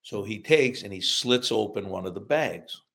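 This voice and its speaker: An older man from upstate New York, an author telling lively childhood anecdotes in a podcast interview. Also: fairly low pitch, moderate pace, vocal fry. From upstate New York, USA. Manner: lively anecdotes, acts out quoted voices, laughs through punchlines. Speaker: author and guest.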